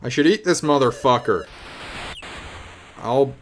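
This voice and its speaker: A man's voice: medium pitch, measured pace, pauses often, a little hiss or hum. A man streaming a retro game live, talking casually to his chat with wry, self-mocking jokes and free swearing. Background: game music.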